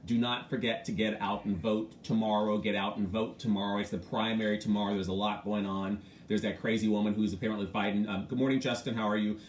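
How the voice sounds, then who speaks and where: A man's voice: lowish voice, quick pace, hardly any pauses. A man hosting a casual morning live stream. He talks frankly and with animation, and he greets viewers by name between his thoughts. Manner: frank and animated, mimics other voices. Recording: echoey room with faint ambient noise.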